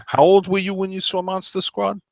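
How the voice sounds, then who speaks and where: A man's voice: sits high, completely flat delivery, brisk, creaky, darkish tone. A man co-hosting a casual group talk, throwing in wry, joking asides. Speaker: podcast co-host.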